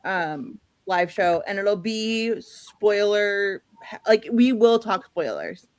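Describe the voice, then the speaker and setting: A woman's voice: medium pitch, animated, slow pace, no room sound. Give me a chatty woman from the Midwest hosting a livestream, with a dry close sound. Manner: chatty, laughs often, reads chat aloud. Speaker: host. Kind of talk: casual livestream chat.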